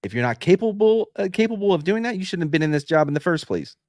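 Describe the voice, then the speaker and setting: A man chatting on a casual podcast, telling stories about police work, sometimes dropping to a low, calm voice to show how he'd talk someone down. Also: quick pace, no room sound, studio quality. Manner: relaxed storytelling, drops tone to mimic calm talk, swears freely. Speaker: podcast co-host, former police officer.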